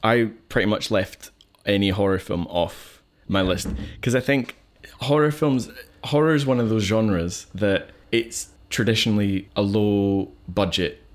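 A man with a British accent co-hosting a podcast, talking about films in a measured, thoughtful way. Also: lowish voice, a little hiss or hum. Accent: British English. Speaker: podcast co-host. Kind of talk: casual film chat.

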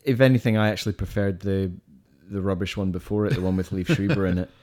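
A man's voice: low voice, fairly even intonation, fast talker, a little mellow. A man co-hosting a casual podcast, eagerly listing films he liked and disliked. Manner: rattles off lists of film titles, enthusiastic, with fillers. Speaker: podcast co-host. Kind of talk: casual film chat.

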